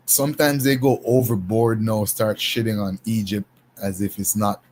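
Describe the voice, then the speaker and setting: A man hosting a casual panel discussion, talking in an unhurried, emphatic way with frequent restarts. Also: fairly low pitch, steady tone, darkish tone, a little hiss or hum. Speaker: panel host.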